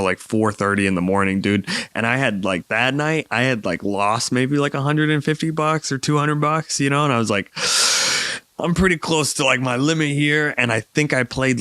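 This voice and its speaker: A man's voice: lowish voice, a bit bright, smooth, no echo. A hungover young man hosting a comedy podcast, telling a rambling, profane story and laughing often. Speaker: podcast host. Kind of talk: casual storytelling.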